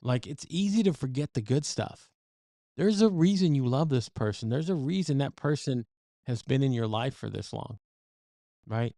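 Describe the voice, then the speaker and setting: A man with a mellow, mid-pitched voice talks about relationships on a podcast. He stumbles and restarts at first, then settles into a steady coaching flow. The sound is dry and close. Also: dry recording. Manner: halting starts, stammers, then steady advice. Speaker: podcast co-host, communication coach. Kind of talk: casual advice chat.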